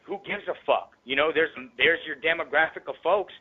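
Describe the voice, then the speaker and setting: A man guesting on a radio show, telling a rambling story with lots of profanity in a casual, animated way. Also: fairly high pitch, a little fast, breathy edge. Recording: tinny phone line.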